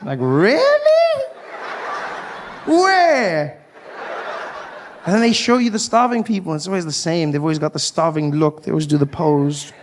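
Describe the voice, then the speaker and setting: A man performs stand-up into a handheld stage mic, his voice pitched higher than most men's. He tells animated, self-mocking stories. A faint hum sits underneath. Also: fast talker, few pauses. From South Africa. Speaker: stand-up comedian. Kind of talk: stand-up comedy. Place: comedy stage.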